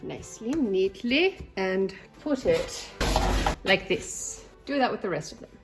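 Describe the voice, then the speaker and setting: A woman's voice: medium pitch, big pitch swings, a little slow. A woman hosting a casual home cooking vlog, bubbly and gushing, talking fondly to her bread as she bakes. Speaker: cooking vlogger. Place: home kitchen. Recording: echoey room, faint music.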